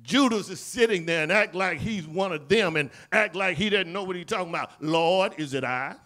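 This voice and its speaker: Preaching fairly quickly in a church sanctuary, a male pastor with a Southern accent dramatizes conversations from biblical scenes in his sermon. His delivery alternates between loud cries and low murmurs.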